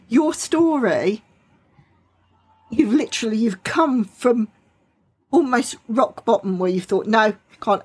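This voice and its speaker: A woman's voice: medium pitch, breathy edge. A woman interviewer, tearful and effusive, heaping emphatic praise on her guest. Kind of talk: audio interview.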